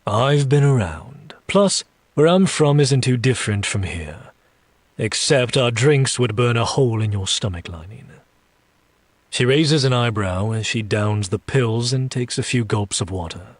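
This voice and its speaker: Man, story reader, husky, lowish voice, slow deliberate narration, dry close sound. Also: animated, no room sound. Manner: slow, deliberate, low reading with menacing asides. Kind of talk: first-person audiobook narration.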